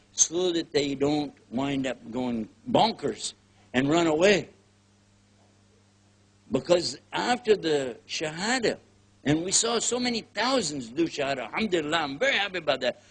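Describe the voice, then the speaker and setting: Folksy older Texan preacher, husky voice. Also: male voice, a little high. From Texas, USA. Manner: folksy, joking, acts out scenes in quoted voices. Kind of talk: casual lecture.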